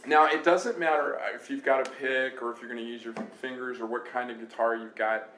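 Speaking fairly quickly in a mid-range voice, with a little hiss or hum in the audio, a man leads a laid-back guitar lesson. He plays his own guitar, loud in the roomy recording, talking and counting beats aloud as he goes.

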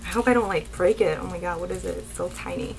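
A woman's voice: fairly low pitch, fast, gravelly, background noise. Gushing young woman unboxing beauty goodies. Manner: gushing, excitable, keeps saying oh my god. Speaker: beauty vlogger. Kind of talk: unboxing vlog.

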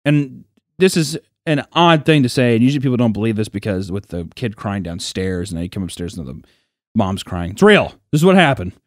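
A man's voice: on the low side, brisk, no room sound, clean studio sound. A young man on a podcast, telling a childhood story in casual, profane chat and acting out the people in it. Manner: animated, profane, acts out quoted voices. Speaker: podcast co-host.

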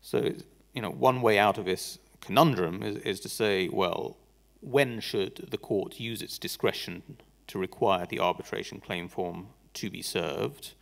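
A man's voice: fairly low pitch, measured pace, vocal fry. A man giving a legal seminar talk, critical and dry, with frequent restarts. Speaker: barrister giving a lecture.

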